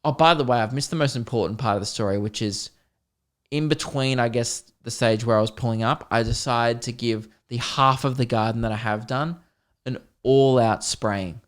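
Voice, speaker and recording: A man's voice: mid-range voice, moderate pace. Young man telling a comic story. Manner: animated, swearing, self-mocking mock-epic telling. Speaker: podcast host.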